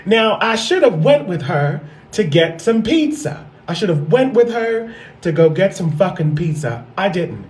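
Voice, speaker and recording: Sassy high-voiced man in an echoey room. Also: very animated, measured pace. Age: 30s. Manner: sassy, profane, repeats punchlines. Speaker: stand-up comedian. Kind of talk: stand-up storytelling.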